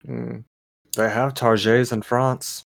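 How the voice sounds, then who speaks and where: A man's voice: mid-range voice, flat delivery, slow, vocal fry, no echo. A man co-hosting a casual podcast, tossing out dry, teasing quips over a call. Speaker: podcast co-host.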